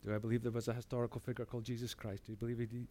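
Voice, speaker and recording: A man telling a personal faith testimony, earnest, dropping to a hush and then rising again. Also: medium pitch, racing. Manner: earnest storytelling that swings between hushed and animated. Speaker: speaker giving a testimony.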